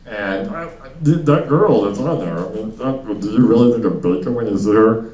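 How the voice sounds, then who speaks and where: A young man with a fairly low voice does a stand-up set at normal speed on a comedy club stage before a small audience. He rambles loosely, full of fillers and asides, and chats with the crowd; the room is echoey and he's miked from a distance.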